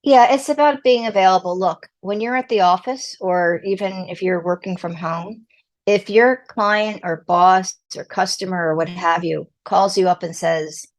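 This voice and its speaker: A middle-aged woman, a podcast guest, giving parenting advice in an emphatic, animated way and acting out the lines she quotes. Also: on the low side, moderate pace. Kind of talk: casual advice interview.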